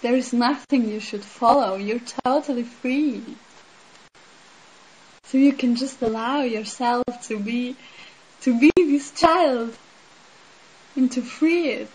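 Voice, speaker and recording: A woman's voice: on the high side, slow, long pauses, a little mellow, slightly rough, poor audio. A woman from Switzerland, speaking in a casual spiritual talk and sharing her own experiences in an earnest, reflective way, often saying "like" and "um". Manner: earnest, reflective, with many "like" and "um" fillers. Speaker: speaker sharing personal insight.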